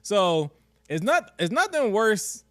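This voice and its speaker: A young man co-hosting a casual podcast, telling a story in an expressive way and laughing often. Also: high voice, slow pace, no echo.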